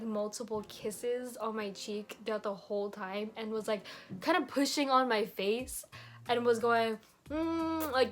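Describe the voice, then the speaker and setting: A woman's voice: a little high, a bit bright. Bubbly young woman telling a story. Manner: bubbly, chatty, fills with "like" and "literally". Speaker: vlogger. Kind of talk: casual storytime.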